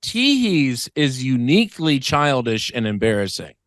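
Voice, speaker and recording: Animated young man in podcast banter. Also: unhurried, no room sound. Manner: jokey, swearing, bursts into squeaky silly voices. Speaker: podcast co-host. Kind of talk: casual late-night podcast banter.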